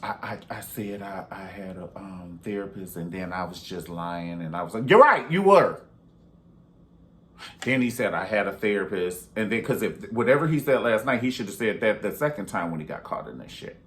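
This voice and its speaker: A man casually reviewing a reality show, sassy and animated, jumping between high exclamations and low asides. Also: a little fast, few pauses. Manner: animated and sassy, with big pitch jumps and sudden whispers. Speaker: reality TV commentator. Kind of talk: casual commentary vlog.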